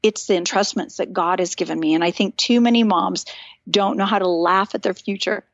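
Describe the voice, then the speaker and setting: A woman's voice: medium pitch, a little fast, dry recording, highs cut off. A woman in her fifties, a guest author, telling stories animatedly in a casual podcast conversation and acting out the voices she quotes.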